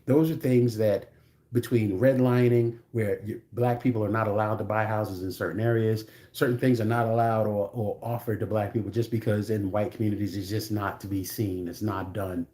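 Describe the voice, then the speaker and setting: A man's voice: fairly low pitch, steady tone, normal speed, dark tone. A man reviewing a film, retelling the plot in a casual, blunt way with frank asides.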